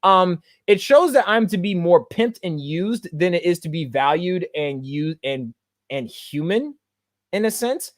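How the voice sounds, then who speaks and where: A man's voice: high voice, animated, unhurried, no room sound, clean studio sound. A man hosting a podcast, speaking in a blunt, slangy, digressive monologue. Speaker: podcast host and activist. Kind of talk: casual monologue.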